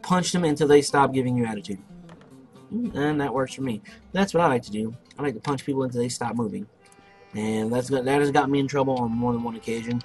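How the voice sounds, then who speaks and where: A young man narrating his online game play, telling a loud, profane story about a fight. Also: mid-range voice, fast, faint music behind. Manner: brash, profane, boastful storyteller. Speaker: gameplay commentator. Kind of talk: casual let's play storytelling.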